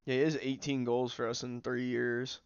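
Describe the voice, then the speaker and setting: A man's voice: medium pitch, flat delivery, normal speed, clear, resonant tone, dry recording, dull audio. A young man streaming a game, chatting casually with lots of fillers while he snacks. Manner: rambling, filler-heavy, snacking while talking. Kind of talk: casual livestream commentary.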